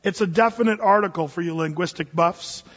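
A man's voice: high-pitched, brisk, slightly rough. A man preaching a sermon as a pastor in a church, talking conversationally and acting out the people he quotes. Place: church sanctuary. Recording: dull, echoey church hall.

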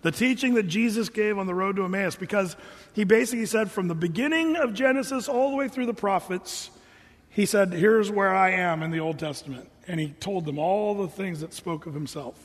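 A pastor with a fairly high, slightly husky voice delivers a sermon at a fairly quick pace, telling stories in a casual, animated way and putting on little voices for the people he quotes. A long echo trails his words through the big church hall.

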